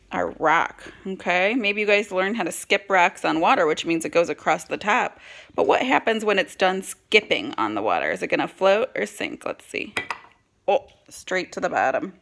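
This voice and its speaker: A woman's voice: mid-range voice, vocal fry, pushed and bright. A woman teaching a circle time lesson to young children, encouraging and explaining each step in a sing-song way. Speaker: preschool teacher.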